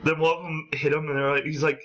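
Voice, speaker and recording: A man's voice: on the high side, quick pace, low-quality recording. A young adult man telling funny personal stories in a casual vlog, acting out quotes with a raised voice. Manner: animated, acts out quotes in a raised voice. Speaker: vlogger.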